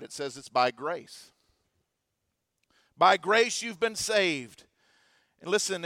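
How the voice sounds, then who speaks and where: Pastor, male, forties. Bright, forceful tone, dry close sound. Earnest sermon, swings from quiet to emphatic. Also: a little high, no room sound. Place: church service.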